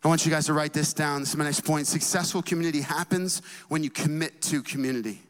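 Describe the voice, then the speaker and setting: Energetic pastor preaching in a reverberant hall. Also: male voice, fairly high pitch, quick pace. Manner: energetic, conversational preaching with casual asides. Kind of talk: sermon.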